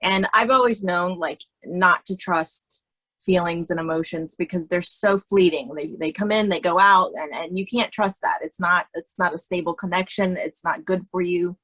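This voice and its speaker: A woman's voice: on the low side, fairly even intonation, moderate pace, fairly bright tone, rough recording. A woman, a makeup artist, talking in a casual conversation, chatty and laughing, often restarting her sentences. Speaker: guest, cosmetologist and makeup artist.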